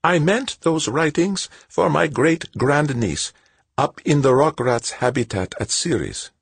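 A man's voice: a little high, expressive, slow pace, vocal fry, husky, no room sound, voice pushed up, exaggerated voice. A man doing a frail elderly woman. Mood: wistful.

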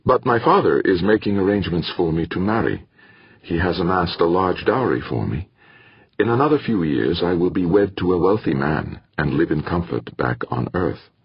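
A man's voice: low-pitched, big pitch swings, normal speed, breathy edge, dry recording, highs cut off, pitched above the performer's own voice, exaggerated voice. A man voicing a shy, polite teenage Indian girl with a lilting Indian accent in an audiobook. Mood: hopeful.

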